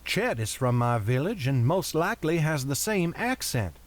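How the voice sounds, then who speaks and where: A man voicing a sharp-tongued young villager who speaks in a scornful, incredulous way. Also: a little high, very animated, normal speed.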